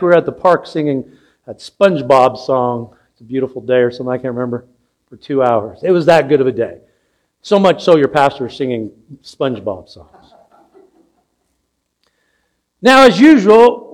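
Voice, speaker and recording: An older man preaching a sermon as pastor, telling a story and asking the congregation questions. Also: a little high. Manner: storytelling, asks the audience questions. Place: church sanctuary.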